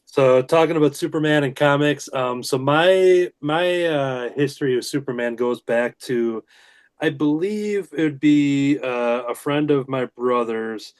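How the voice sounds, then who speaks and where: A man's voice: mid-range voice, measured pace, smooth. Rambling male guest on a call. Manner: rambling storytelling with many fillers and restarts. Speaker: guest comic creator. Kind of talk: casual chat.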